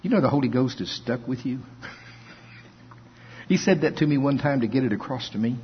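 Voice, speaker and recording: A man's voice: medium pitch, animated, brisk, slight background noise. A male preacher giving a conversational sermon, reading scripture aloud and chuckling between his points. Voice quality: husky. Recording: dull lo-fi recording.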